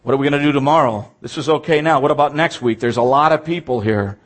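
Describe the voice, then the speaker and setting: A man preaching, briefly voicing fretful grumbling Israelites in a hurried complaining tone. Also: mid-range voice, natural voice.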